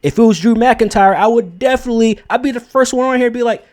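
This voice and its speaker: A man's voice: very high voice, fast talker, darkish tone. A young man giving casual, blunt opinion commentary, emphatic and profane, with frequent fillers and restarts. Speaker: wrestling commentary host.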